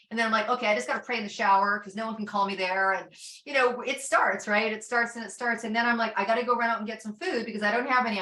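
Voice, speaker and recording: Animated, rambling woman in echoey room. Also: medium pitch. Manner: rambling, animated, acts out her own inner voice. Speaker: summit organizer speaking to a panel. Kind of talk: casual storytelling talk.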